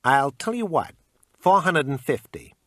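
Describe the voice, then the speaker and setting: A man's voice: fairly high pitch, animated, unhurried, a bit bright, dry recording, studio quality, voice pushed up. A man voicing an eager, pushy male pawnshop salesman who haggles over prices in an audiobook. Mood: eager salesy. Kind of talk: audiobook character voice.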